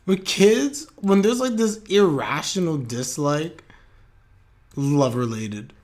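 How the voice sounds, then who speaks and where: A man's voice: fairly high pitch, lively intonation, takes it slowly, a little mellow. A man reacting live to an anime episode on his stream, chatty and openly emotional.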